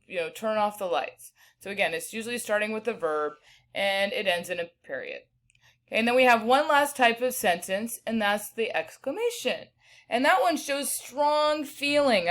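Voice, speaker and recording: A woman's voice: mid-range voice, a bit bright. Patient woman teacher explaining grammar. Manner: patient, checks in with "right?" and "okay". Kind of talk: grammar lesson for students.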